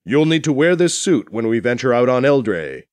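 A man's voice: mid-range voice, sing-song, no room sound, voice pushed down, close to an everyday voice. A man voicing a proud, formal alien captain. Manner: formal, measured, dignified.

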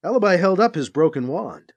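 An audiobook narrator reading an action story aloud in a lively storytelling manner. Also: mid-range voice, brisk. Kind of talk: scripted narration.

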